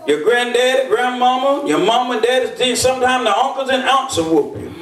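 Older man, bishop preaching a sermon, folksy storytelling, high voice, echoey church, heard from a distance. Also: expressive, fairly quick, a bit bright. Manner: folksy storytelling, call-and-response with congregation. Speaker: bishop and pastor.

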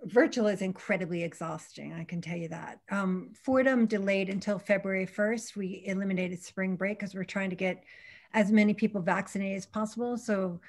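Middle-aged woman professor chatting on a panel, mid pitch, talks it out as she goes. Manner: chatty, thinks aloud with restarts. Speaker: panelist romance author and English professor. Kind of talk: casual panel chat on a video call.

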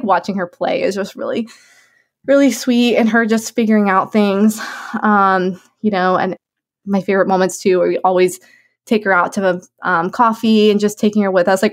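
A young woman talks in a loose, chatty way, full of fillers and quick laughs. She speaks at an ordinary middle pitch. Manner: chatty, bubbly, lots of "like" and laughs. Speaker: new mom answering viewer questions. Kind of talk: casual chat.

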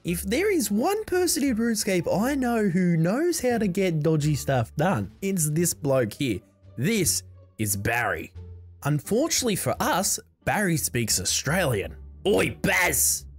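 A woman hosting gameplay commentary with comic skits, chatty and excitable with plenty of slang. Her voice sits on the lower side and rises and falls in lively swings. Faint music runs underneath. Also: a little slow, slightly rough. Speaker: gaming channel host.

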